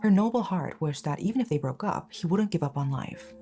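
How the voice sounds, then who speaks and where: A woman reading a scripted true-crime narration in an even, measured way. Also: lowish voice, soft background music. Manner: even, measured storytelling read.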